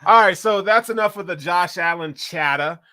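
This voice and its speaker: High bright-voiced dude, slangy n joking on a sports pod. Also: male voice, moderate pace. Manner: loud, joking, slangy banter. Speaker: podcast co-host. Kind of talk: casual sports chat.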